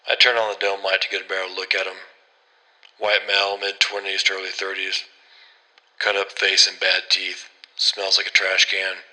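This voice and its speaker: A man's voice: low-pitched, completely flat delivery, normal speed, pushed and bright, rough recording. A man narrating a horror story in a grim, terse first-person voice.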